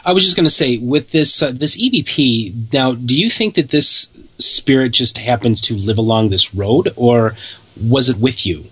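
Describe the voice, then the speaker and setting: A man's voice: medium pitch, normal speed, sharp tone, husky, no echo. A man hosting a casual interview, asking questions politely and backing the guest with short affirmations. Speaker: host.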